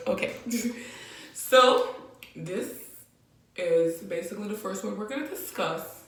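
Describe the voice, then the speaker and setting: A woman's voice: mid-range voice, slow pace, long pauses. A woman with a Jamaican accent teaches in a loose, playful vlog style. She laughs often and repeats phrases for fun. Her voice rings out in a very echoey room. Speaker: language teacher vlogger. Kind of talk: casual vlog lesson.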